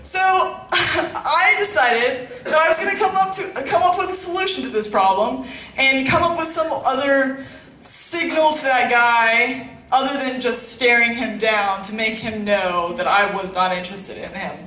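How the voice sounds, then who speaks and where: A young woman does a casual, profane stand-up set in a small club, dropping laughing asides. Her voice is a little high, a little slow, pushed and bright, heard far from the mic in an echoey room with faint ambience and a little hiss or hum.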